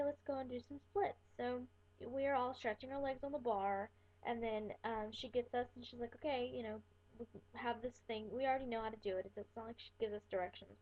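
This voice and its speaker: A young woman rambles through a personal story with a fairly high voice and plenty of fillers. The sound is thin and tinny, as if heard over a phone line. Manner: rambling, chatty, many fillers. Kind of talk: casual storytelling vlog. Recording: tinny phone-like webcam audio.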